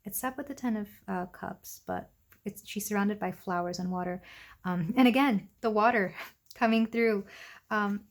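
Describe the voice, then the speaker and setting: A woman's voice: medium pitch, normal speed. Chatty young woman reading tarot. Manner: gentle, chatty, frequent ums and asides. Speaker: tarot reader. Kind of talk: casual pick-a-card tarot reading.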